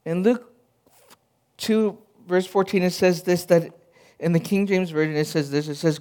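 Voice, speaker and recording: A male pastor in his thirties with a fairly high voice, preaching an earnest sermon. He tells personal stories in a conversational way and often restarts his phrases as he searches for words. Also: steady tone, normal speed, a little mellow.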